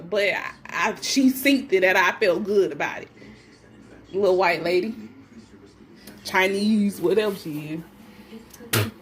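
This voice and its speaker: Speaking at a moderate pace with long pauses, a pregnant woman recounts her own experience in a medium-pitched, slightly bright voice. She's casual, blunt and defiant, cursing freely and mimicking others' lines in altered voices.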